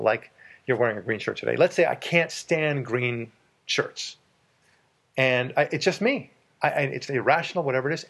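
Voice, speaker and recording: A man's voice: medium pitch, vocal fry, fairly bright tone, slightly rough. A man hosting a casual advice chat, emphatic and repeating words for stress as he tells anecdotes from his work.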